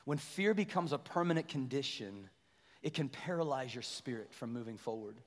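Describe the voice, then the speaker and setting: A middle-aged male pastor preaching a sermon, telling a story with animated energy and then pressing his points with slow emphasis. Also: mid-range voice. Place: church sanctuary. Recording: long hall reverb.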